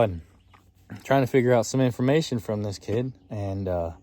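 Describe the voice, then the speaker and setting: A man in his thirties telling a story to camera in a rambling, animated way, acting out bits of dialogue. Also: medium pitch, brisk, no echo. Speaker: vlogger. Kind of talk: casual storytelling.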